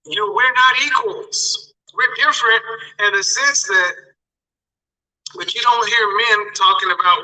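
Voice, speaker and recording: A man's voice: sits high, unhurried, pushed and bright, distant mic, poor audio. A man lecturing viewers on dating in emphatic commentary, often repeating his phrases for effect.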